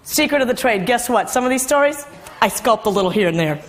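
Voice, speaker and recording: Animated woman telling a story onstage. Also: on the high side, quick pace. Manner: animated, playful asides to the audience. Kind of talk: live storytelling performance. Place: stage before a live audience.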